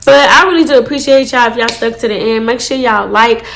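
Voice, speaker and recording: A woman telling a casual storytime to her viewers, animated and full of swearing. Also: fairly high pitch, brisk, slight background noise. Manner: animated, swears a lot, addresses viewers as y'all. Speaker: storytime vlogger.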